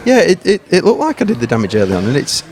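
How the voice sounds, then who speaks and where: Pool player fresh off a win, lively up-and-down voice, casual chat. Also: male voice, fairly high pitch, quick pace. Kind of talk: casual post-match chat.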